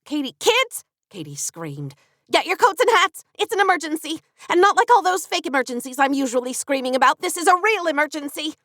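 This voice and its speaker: A woman puts on a gushing, melodramatic young mom who treats every small worry as an emergency. Her voice jumps high and swings all over the place. The recording is close and dry, with no room sound. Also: sing-song, brisk, fairly bright tone, no echo. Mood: excited. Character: excitable, dramatic young mother and best friend, woman.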